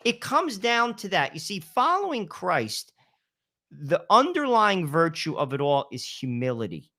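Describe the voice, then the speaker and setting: This fifties-aged podcast co-host has a high-pitched, bright, forceful voice with huge pitch swings, and he takes his time. Speaking casually but emphatically about faith, he keeps returning to "listen" and "you know."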